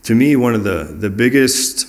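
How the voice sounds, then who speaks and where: A man's voice: medium pitch, lively intonation, normal speed. A man sharing personal stories in an earnest, reflective way during a conversational talk. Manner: earnest and reflective, acting out quoted dialogue.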